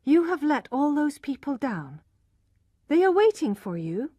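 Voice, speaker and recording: A woman's voice: sits high, big pitch swings, a little slow, mellow, dry recording, pitched above the performer's own voice. Give me a woman playing an earnest young farm wife, pleading and firm, in a dry storybook reading.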